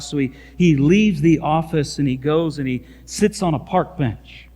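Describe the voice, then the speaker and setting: A male pastor preaching in an animated, emphatic storytelling manner. His voice sits a little high, and a long reverb rings out after each phrase. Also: moderate pace, hardly any pauses. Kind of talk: sermon with storytelling.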